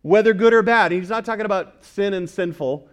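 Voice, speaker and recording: A man's voice: sits high, fairly quick, clean tone. A male pastor preaching a sermon, often asking the congregation questions and repeating key words for emphasis.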